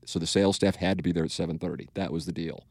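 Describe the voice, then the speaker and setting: A man's voice: deep voice, little pitch movement, very fast, a little mellow, dry recording, clean studio sound. A middle-aged man hosting a radio-style podcast, telling profane, self-mocking stories in casual chat. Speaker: radio show host.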